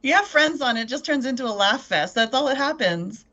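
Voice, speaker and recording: A woman with a Canadian accent and a slightly high voice, chatting in an easygoing, friendly back-and-forth. The sound is dull and lo-fi. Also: expressive, brisk, fairly bright tone. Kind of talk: casual chat.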